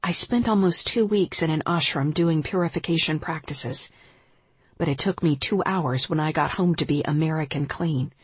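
A yoga teacher reads her spiritual writing aloud in a calm, measured, reflective way. Her voice is low for a woman and very breathy and husky. The sound is close and dry, with no room echo. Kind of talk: reading spiritual nonfiction aloud.

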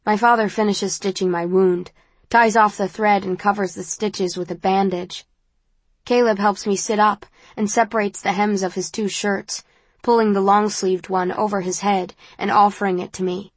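A woman's voice: medium pitch, no room sound. Woman reading a first-person audiobook. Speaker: audiobook narrator.

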